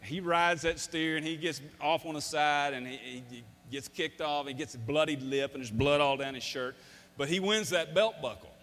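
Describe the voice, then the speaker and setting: Folksy coach guy in his 50s, fairly high bright voice, big hall echo, really leans into his stories. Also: moderate pace. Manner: folksy, emphatic storyteller. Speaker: speaker, former football coach. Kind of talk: motivational storytelling talk. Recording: long hall reverb.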